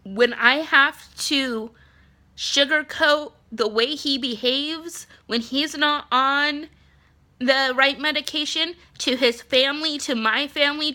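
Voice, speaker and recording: A woman in her thirties vents straight to camera, blunt and fed up, with plenty of ums and the odd curse. Her voice is stuffy and nasal from congestion, yet it comes across bright and crisp, sitting a little above the usual pitch for a woman. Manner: frustrated, blunt, swears, many ums. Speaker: vlogger, spouse of an ill partner. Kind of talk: casual venting monologue.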